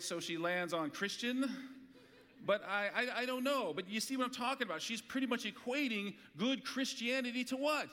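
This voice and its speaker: A high, bright-voiced man delivers a sermon in a hall with a long reverb tail. He talks conversationally, asking his listeners rhetorical questions and slipping in light humor. His voice rises high and carries a sharp edge. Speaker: pastor. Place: church hall.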